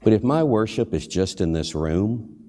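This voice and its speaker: A man's voice: on the low side, expressive, normal speed, mellow. A man giving a sermon, an earnest preacher and hospital chaplain who asks his listeners questions and briefly acts out the lines he quotes. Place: church sanctuary. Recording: long hall reverb.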